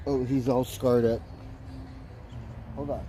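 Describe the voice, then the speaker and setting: A man's voice: medium pitch, steady tone, measured pace, pauses often, dark tone, soft background music. Casual man chatting on a livestream. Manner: rambling, talks to his cats in a cooing voice; laughs easily, swears casually. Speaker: livestream host.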